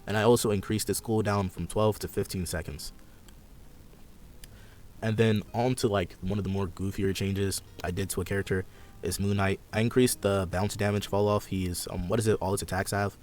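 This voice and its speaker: A man's voice: fairly low pitch, level tone, normal speed, darkish tone, slight background noise. A young man hosting a casual gaming chat, rambling and a bit sarcastic as he walks through his ideas. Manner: laid-back, rambling, sarcastic. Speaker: podcast host.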